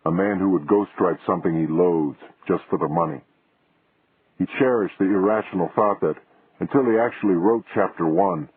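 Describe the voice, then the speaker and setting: A man narrating a mystery audiobook in a steady, husky voice. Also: sits low, no room sound, narrow, tinny audio. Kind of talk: scripted narration.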